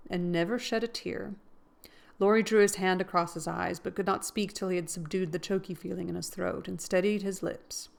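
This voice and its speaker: A woman reading a classic novel aloud, lending the characters' lines an expressive lift in her voice. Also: normal speed, vocal fry. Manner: reads expressively, voicing characters' lines with rising pitch. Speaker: audiobook reader.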